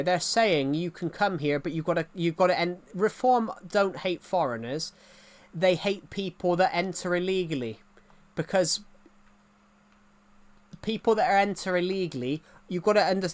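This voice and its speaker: A streamer with a rural English accent, chatting on a livestream and answering viewer comments, with frequent restarts and repeated phrases. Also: mid-range voice. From England.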